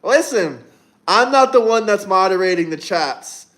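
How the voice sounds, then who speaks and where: An unhurried, expressive young man with a high, slightly bright voice runs a casual livestream. He reads comments from viewers and responds bluntly, rambling along with lots of swearing.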